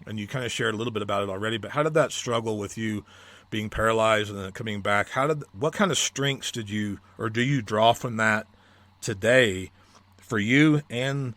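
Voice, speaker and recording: A man's voice: on the low side, moderate pace, fairly bright tone, dry recording. Male podcast host, casual and encouraging, clean dry recording. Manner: friendly, prompts the guest. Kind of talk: casual interview chat.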